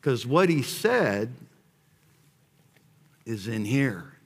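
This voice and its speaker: Male pastor, sermon delivery, slow and measured, lots of repetition, big reverberant hall. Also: medium pitch, big pitch swings. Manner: swings from hushed prayer to shouting emphasis; repeats phrases as he builds.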